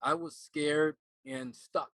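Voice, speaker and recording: A middle-aged man's voice, bright and forceful, recorded dry and close. He is an actor turned life coach, telling a personal story earnestly. He stops and repeats words as he remembers. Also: on the high side, steady tone, no echo. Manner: earnest, halting, repeats words while recalling.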